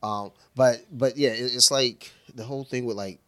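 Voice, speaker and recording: A man's voice: mid-range voice, steady tone, normal speed, fairly bright tone. A man in his thirties co-hosting a podcast, chatting casually and swearing freely over beer. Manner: laid-back, swears freely, quotes his daughter in voices. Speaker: podcast co-host.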